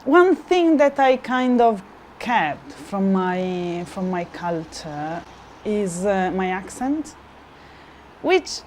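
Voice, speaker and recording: A woman's voice: mid-range voice, very animated, extremely slow, darkish tone, slight background noise. A young woman with an Italian accent, chatting casually and animatedly with frequent fillers, restarts and laughs. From Italy. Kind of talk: casual chat.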